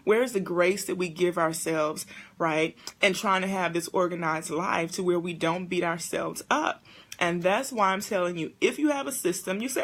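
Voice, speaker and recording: A young woman hosting a casual live-stream talk, animated and speaking straight to her viewers. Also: fairly low pitch, normal speed. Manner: animated, talks to viewers as "y'all" and "honey". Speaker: host.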